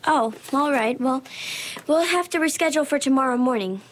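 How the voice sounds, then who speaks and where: A woman's voice: high-pitched, moderate pace, slight background noise, natural voice. A woman playing an earnest, polite young woman who runs interviews in an audio drama. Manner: polite and earnest, giggly when nervous.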